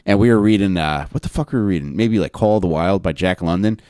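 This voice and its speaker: A man with a very deep voice tells crude stories in a deadpan way on a podcast. The recording is close and dry, with no room sound. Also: fast talker, smooth, dry recording. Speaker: podcast co-host. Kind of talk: casual chat.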